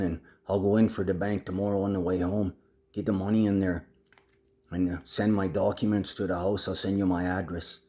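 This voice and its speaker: A man with a very low voice rambles through a video message to his family. He sounds agitated and swears freely as he hops from topic to topic. Now and then he slides into a put-on Aussie twang. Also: flat delivery, fairly quick, dark tone. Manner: profane, agitated, jumps between topics; slips in and out of a mock Aussie twang.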